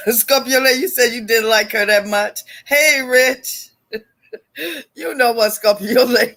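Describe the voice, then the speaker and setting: A woman's voice: fairly high pitch, steady tone, a little slow, a bit bright. An older woman hosting a live stream, chatting bluntly with viewers, laughing often and swearing freely. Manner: blunt, profane, laughing, greeting viewers by name. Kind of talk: casual live-stream chat.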